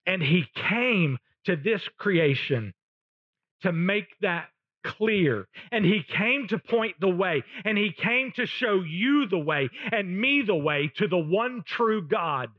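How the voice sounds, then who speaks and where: A man preaching a sermon as a pastor, slow and emphatic, pausing between short phrases. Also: sits high, expressive, no echo, dull audio.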